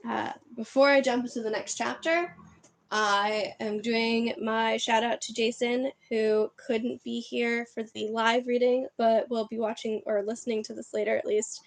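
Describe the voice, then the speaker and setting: Give me a woman with a slightly high voice reading a children's novel aloud, expressive and chatty. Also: gravelly, no room sound. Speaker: reader. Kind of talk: reading a book aloud, casual asides.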